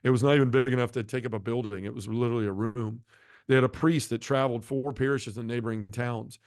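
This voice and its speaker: A middle-aged man tells his own conversion story at a quick clip, his voice sitting at an ordinary pitch. He speaks earnestly and from the heart. The sound is dry and close, with no room echo. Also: steady tone, a little mellow. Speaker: guest sharing a conversion testimony. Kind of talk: emotional personal testimony.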